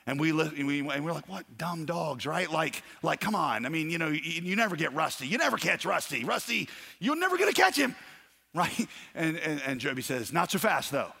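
A man preaching a sermon, telling a story and acting out the voices in it with animated energy. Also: on the high side, normal speed, vocal fry, breathy edge, big-room sound. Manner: animated, acts out voices in stories. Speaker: pastor.

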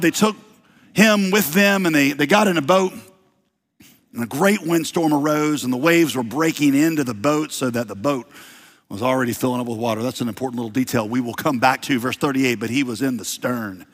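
A man preaching a sermon, telling the story with big swings from quiet asides to shouted lines. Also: mid-range voice. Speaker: pastor. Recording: long hall reverb.

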